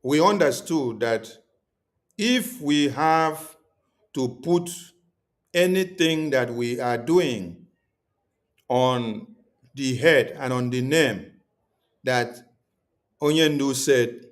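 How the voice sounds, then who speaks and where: With a mid-range voice and lively intonation, this man hosts a livestream at an extremely slow pace, leaving long pauses. He drives his points home emphatically, repeating them to viewers as if preaching.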